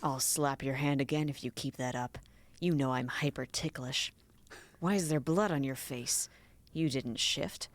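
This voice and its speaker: A woman reading a novel aloud, voicing a sardonic young male roommate who speaks in a lowered, drawling, deadpan way. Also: a little slow, dry recording. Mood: teasing.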